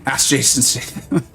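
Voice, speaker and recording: A man's voice: medium pitch, vocal fry, bright, forceful tone. A man chatting casually and joking with viewers while streaming a game, greeting them by name. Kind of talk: casual live-stream chat.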